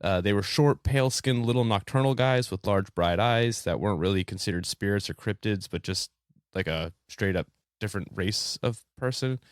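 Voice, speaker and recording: A man's voice: fairly low pitch, moderate pace, smooth, dry recording, clean studio sound. A young man hosting a casual podcast, laid-back, swearing freely and laughing often. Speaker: podcast host.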